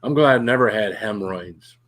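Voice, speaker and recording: A man in a casual chat, cracking jokes in halting bursts and repeating words as he starts. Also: on the low side, a bit bright.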